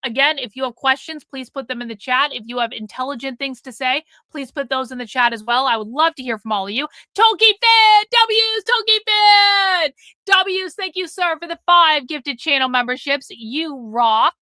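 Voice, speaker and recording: A high, bright-voiced woman hosts a live stream, talking casually and bluntly to her chat with plenty of swearing. Her voice sits close and dry, with no room sound around it. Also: a little fast, hardly any pauses, no room sound. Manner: profane, blunt, nags the chat.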